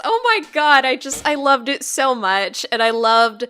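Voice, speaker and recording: Bright-voiced woman co-host, gushing and giggly in a casual anime podcast. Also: high-pitched, measured pace, few pauses, smooth. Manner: excitable, laughs often, swears casually. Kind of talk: casual anime review chat.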